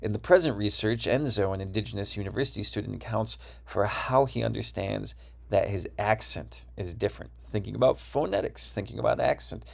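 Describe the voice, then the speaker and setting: A man's voice: on the low side, fairly quick, vocal fry. A man with a Wisconsin accent giving a recorded course lecture, explaining ideas and checking in with "right?".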